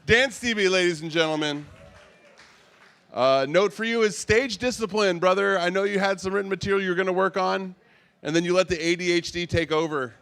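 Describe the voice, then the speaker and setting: A man's voice: sits high, a little fast, creaky, fairly bright tone, clean tone. A man hosting a comedy show, giving the comic casual feedback after his set.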